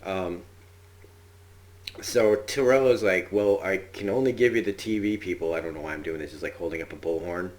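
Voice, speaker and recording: A man's voice: sits low, moderate pace. A man casually reviewing a TV episode, rambling with fillers and acting out quotes. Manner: rambling, chatty, with frequent fillers and acted-out quotes. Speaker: TV review podcast host.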